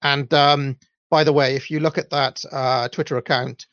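Welsh man, gravelly, rambling. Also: level tone, moderate pace, a bit bright, dry recording. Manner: rambling, full of ums and uhs. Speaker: podcast host. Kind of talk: casual chat, answering listener comments. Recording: dull, low-fidelity audio, dry.

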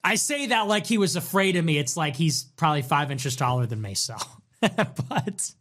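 A man hosting a livestream, reacting to chat messages in a sarcastic, mocking way with quick swings in tone. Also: on the high side, expressive, a bit bright. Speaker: livestream host.

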